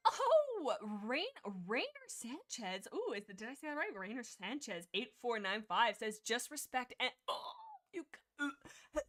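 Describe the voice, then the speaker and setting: A woman hosting a livestream, chatting casually in a rambling, excitable way with lots of restarts. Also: high voice, measured pace. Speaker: livestream host.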